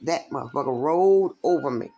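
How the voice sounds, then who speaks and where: Gravelly woman telling a street story. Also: sits low, fairly quick, lo-fi sound. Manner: animated, profane street storytelling with voiced quotes. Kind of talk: casual storytelling.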